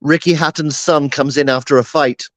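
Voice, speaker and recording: A man's voice: on the high side, fairly even intonation, moderate pace, no echo. A man co-hosting a casual chat, telling wry, teasing stories. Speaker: co-host.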